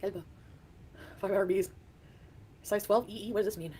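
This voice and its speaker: A woman's voice: mid-range voice, steady tone, normal speed, very noisy. A woman chatting casually on a live stream, reading her chat aloud and giggling often.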